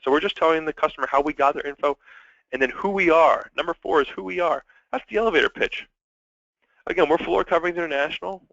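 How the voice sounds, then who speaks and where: A man's voice: medium pitch, fairly bright tone, no echo. Upbeat male sales trainer, dull dry audio. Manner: upbeat, coaching, numbered points. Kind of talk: training lecture.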